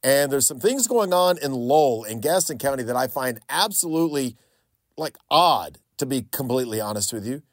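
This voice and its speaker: A man's voice: mid-range voice, lively intonation, moderate pace, no room sound, studio quality. A man from North Carolina hosting a talk radio show, speaking in a conversational, opinionated way with frequent repeats and restarts. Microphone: studio microphone.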